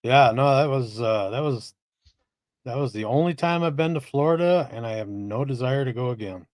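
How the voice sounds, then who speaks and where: A laid-back male co-host of a casual live-stream chat reads chat messages aloud and swears freely. His medium-pitched voice is expressive and a little mellow, at a normal speed, captured in a dry, clean studio recording.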